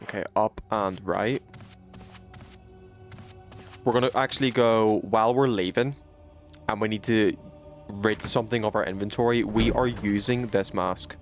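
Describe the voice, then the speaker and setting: A British man giving casual gameplay commentary on a livestream, chatty and swearing freely with sudden excited outbursts. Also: on the low side, unhurried, pauses often, soft background music.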